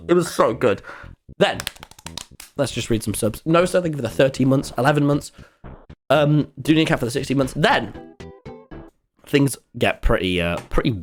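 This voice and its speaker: A man, telling a story to his live chat in an excitable, rambling way. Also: fairly high pitch. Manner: excitable and rambling, with many restarts. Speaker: streamer.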